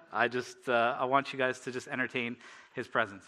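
Male preacher, bright voice, mid pitch, casual storyteller with frequent laughs and fillers. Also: level tone, a little fast. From Canada. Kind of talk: sermon with personal stories.

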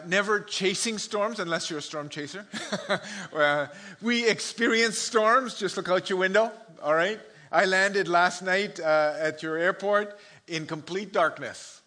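Pastor, male, high bright voice, sermon with funny asides and chuckles. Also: measured pace. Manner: chuckles often, storytelling asides. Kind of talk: sermon with humorous anecdotes.

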